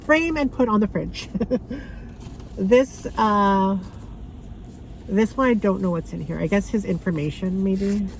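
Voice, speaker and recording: A young woman vlogging to camera, soft and halting with many pauses and fillers, emotional and close to tears. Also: mid-range voice, creaky, a little hiss or hum, low-quality recording. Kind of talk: personal vlog talking to camera.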